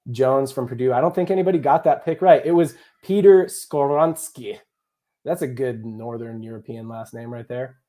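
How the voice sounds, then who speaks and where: A young man with a mellow, mid-range voice hosts a live draft stream. He keeps things casual, reading viewer comments and joking with his chat and co-hosts.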